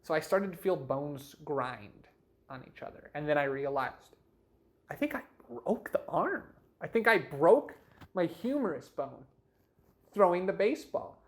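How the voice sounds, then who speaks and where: A man casually recounting a personal story, chatty and animated, acting out the voices of other people along the way. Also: on the high side, measured pace. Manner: chatty, with frequent laughs and fillers like "you know". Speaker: storyteller recounting his life.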